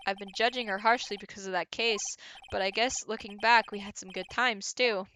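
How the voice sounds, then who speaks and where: A woman's voice: medium pitch, steady tone, brisk, pushed and bright, faint music behind. A woman streaming a game from home, chatting casually with viewers and reading game text aloud with little laughs.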